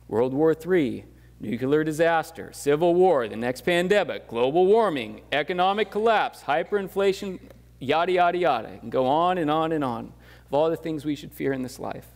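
A man's voice: fairly high pitch, lively intonation, moderate pace. Man preaching in a reverberant church hall. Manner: conversational preaching with fillers, rising to emphatic questions. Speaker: pastor. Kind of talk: sermon. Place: church sanctuary.

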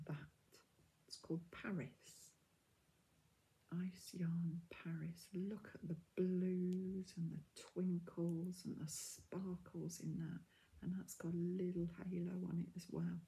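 A middle-aged woman in a casual unboxing vlog, gushing and often dropping into soft half-whispers as she reads out labels. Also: on the low side, gravelly. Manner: reads out yarn labels in a steady list. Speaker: craft vlogger.

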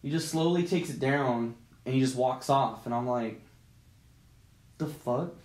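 A man's voice: mid-range voice, normal speed. Swearing man telling a story, roomy sound. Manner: profane, animated retelling with acted-out quotes. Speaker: podcast co-host. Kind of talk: casual chat, storytelling. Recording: roomy echo.

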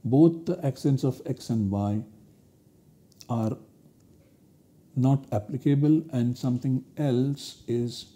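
Slow, dark-voiced male lecturer. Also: medium pitch. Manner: slow, deliberate explanation of grammar rules. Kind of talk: recorded university lecture.

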